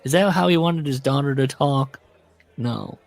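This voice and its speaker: A man's voice: medium pitch, moderate pace, vocal fry. Sarcastic man reading book excerpts. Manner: sarcastic, reads quotes aloud with commentary. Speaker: podcast co-host. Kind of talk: casual chat reading from a book.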